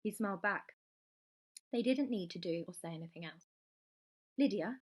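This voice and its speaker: A woman reading a novel aloud in a steady, measured narration. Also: fairly low pitch. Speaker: reader.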